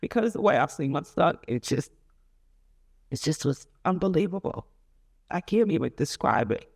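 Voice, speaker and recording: A middle-aged woman in an interview, recounting a painful family story in a halting, emotional way with many restarts. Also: lowish voice, sing-song, gravelly, a little mellow. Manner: emotional, rising and falling with feeling. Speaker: interviewee, mother of a convicted son. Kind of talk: emotional personal account in an interview.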